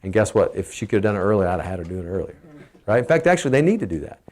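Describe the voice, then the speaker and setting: A man's voice: fairly low pitch, racing. Texan guy, middle-aged, chatty and punchy, talking family health to his patients. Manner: energetic, emphatic, asks the audience questions. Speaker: chiropractor giving family health talk. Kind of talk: casual health talk to patients.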